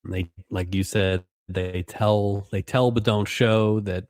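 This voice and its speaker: A man's voice: lowish voice, steady tone, slow, a little mellow, clear, resonant tone, dry recording, clean studio sound. A man co-hosting a podcast, giving a wry, sarcastic recap in casual chat. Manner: wry, sarcastic, quotes characters in put-on voices. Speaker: podcast co-host.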